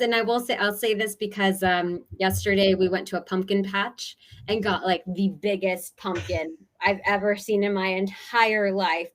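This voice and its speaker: A woman chats as a guest on a webinar over a video call. She is bubbly and laughs often. Her talk is relaxed and friendly. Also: medium pitch. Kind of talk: casual webinar chat.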